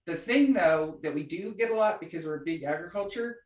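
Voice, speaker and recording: A woman's voice: on the low side, brisk. Chatty woman, echoey distant podcast mic. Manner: chatty, animated storyteller, acts out quoted voices. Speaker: podcast co-host. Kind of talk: casual storytelling chat.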